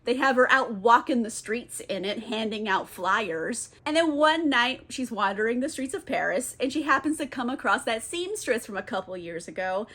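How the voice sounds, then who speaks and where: A woman's voice: a little high, expressive, moderate pace, hardly any pauses, pushed and bright. A young woman recapping a TV episode in casual vlog style, chatty with frequent fillers and casual swearing. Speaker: TV recap vlogger.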